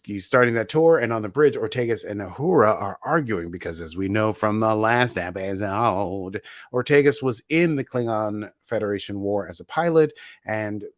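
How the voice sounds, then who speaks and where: A man's voice: lowish voice, dry recording, clean studio sound. A man co-hosting a casual podcast, recapping a TV episode in a playful, jokey way and sometimes slipping into silly voices. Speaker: podcast co-host.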